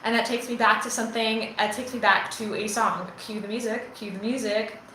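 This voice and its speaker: Woman vlogger, fairly high voice, rambling and chatty delivery, echoey room sound on a phone mic. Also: steady tone, a little fast, pushed and bright. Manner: chatty and rambling, with frequent fillers and restarts. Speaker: channel founder and ministry vlogger. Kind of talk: casual spoken reflection to camera. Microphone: phone on a selfie stick. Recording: echoey room, faint background hum.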